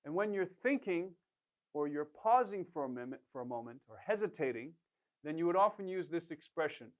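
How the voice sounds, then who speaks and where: A man's voice: fairly high pitch, lively intonation, fairly quick. A man with a slightly raised voice leads a beginner language lesson. He talks in patient, encouraging teaching drills, prompting the listener to say each phrase again and praising each try. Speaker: Korean language instructor.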